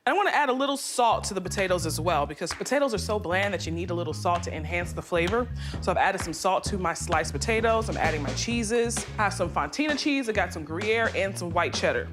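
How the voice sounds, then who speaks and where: A woman chef talks steadily through each step of her recipe. A clear music bed plays under her voice. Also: lowish voice, expressive, a little fast. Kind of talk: cooking demonstration.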